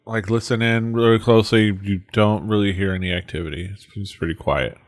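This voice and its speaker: A fairly low-pitched man narrates as game master, stumbling through his descriptions with fillers and restarts. The sound is close and dry, with no room echo. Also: steady tone, fairly quick. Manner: hesitant, many fillers and restarts.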